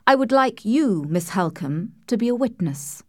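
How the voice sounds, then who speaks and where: A woman voicing a short-tempered Victorian gentleman who shouts and gives orders. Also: mid-range voice, lively intonation, moderate pace, dry recording, clean studio sound, close to an everyday voice. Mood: commanding. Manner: shouting, commanding.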